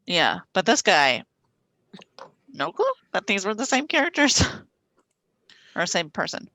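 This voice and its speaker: Podcast co-host, casual and agreeable, bright tone with some rasp. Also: mid-range voice, sing-song, takes it slowly, no echo. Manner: agreeable, chatty.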